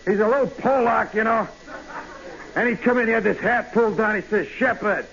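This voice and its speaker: A man hosting a radio show, telling a long story in a rambling, animated way, full of asides and "you know"s. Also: high voice, a little fast, creaky. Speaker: radio host. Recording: muffled old radio broadcast with faint hiss.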